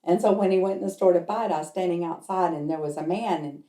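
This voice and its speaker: A woman's voice: on the low side, fast, dark tone. A woman who works as a medium tells a personal story in a chatty way and acts out the people in it. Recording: roomy echo.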